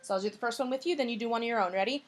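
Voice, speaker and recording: A woman's voice: fairly high pitch, racing, faint music behind. A woman voice teacher giving a singing lesson in a patient, coaching way, her voice a little scratchy. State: slightly scratchy voice.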